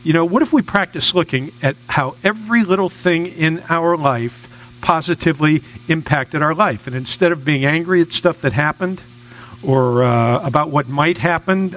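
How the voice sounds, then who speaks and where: A man's voice: a little high, normal speed, fairly bright tone, poor audio. A man preaching a sermon in a conversational, repetitive way, often checking in with listeners. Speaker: minister.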